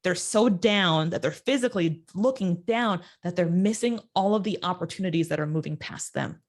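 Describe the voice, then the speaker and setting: A woman guest in an interview telling a personal story, acting out the quoted voices with sudden jumps in pitch. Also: normal speed.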